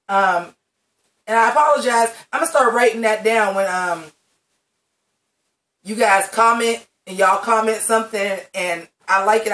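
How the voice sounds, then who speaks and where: A woman's voice: mid-range voice, fairly bright tone. A woman reviewing a drag competition show in a casual vlog, talking sassy and slangy. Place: home video setup by a green screen. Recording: roomy, mic at some distance.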